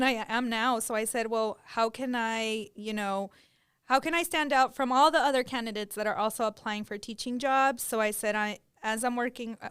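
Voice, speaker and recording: A young woman teacher recounts her path on a podcast in a smooth, fairly high voice. Her tone is warm and earnest, and the recording is dry and close. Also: dry recording. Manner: warm and earnest, easily moved. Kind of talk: casual storytelling chat.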